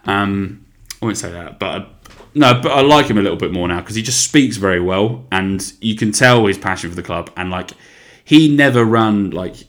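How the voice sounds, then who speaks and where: A man's voice: lowish voice, lively intonation, moderate pace, fairly bright tone. A young man hosting his own podcast, rambling in casual chat, swearing freely and poking fun at himself. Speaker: podcast host.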